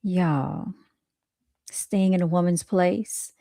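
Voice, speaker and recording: A woman's voice: lowish voice, very slow, gravelly, dark tone, no room sound, studio quality. Chatty woman streamer talking to viewers. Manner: chatty, addresses viewers as y'all, laughs often. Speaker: streamer reacting to clips. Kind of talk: casual chat to viewers.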